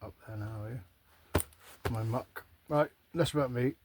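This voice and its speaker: A man's voice: mid-range voice, measured pace, background noise. A man rambling to camera in a casual, sweary, self-mocking monologue. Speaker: vlogger.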